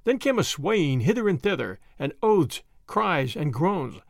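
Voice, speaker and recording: A man reading a classic adventure story aloud in an expressive storytelling manner. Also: on the high side, a little slow, gravelly, dry recording, studio quality. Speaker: narrator. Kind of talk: audiobook narration.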